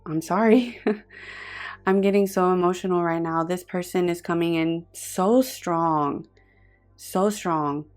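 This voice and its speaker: Earnest low-voiced woman tarot reader. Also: steady tone, soft background music. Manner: earnest, effusive and intuitive, with frequent pauses and restarts. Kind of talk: pick-a-card tarot reading.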